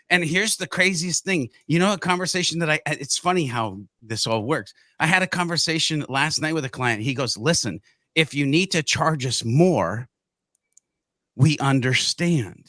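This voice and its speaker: Middle-aged male podcast co-host, bright forceful tone, punchy and emphatic delivery. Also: a little high, animated, unhurried, no echo. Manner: emphatic, punchy, repeats short blunt lines. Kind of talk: podcast discussion.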